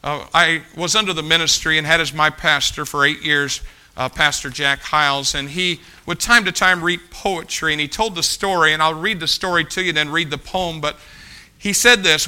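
A man preaching a sermon as pastor, reading a poem aloud slowly and expressively, swinging between loud emphatic lines and soft, low ones. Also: clean tone.

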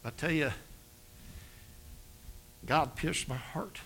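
Preacher guy telling his testimony, kinda high gravelly voice, acts out the dialogue. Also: takes it slowly, a little hiss or hum. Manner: storytelling, acts out dialogue with dramatic drops to a hush. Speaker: pastor. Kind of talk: sermon with personal testimony.

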